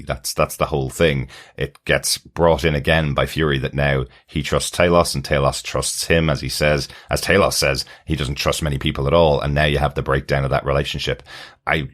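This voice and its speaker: This is a man hosting a TV podcast, with an extremely deep voice. He explains at length in a loose, rambling way, padding his sentences with ums and uhs. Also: a bit bright. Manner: explanatory, rambling, fills pauses with "um" and "uh". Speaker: podcast host. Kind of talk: casual chat.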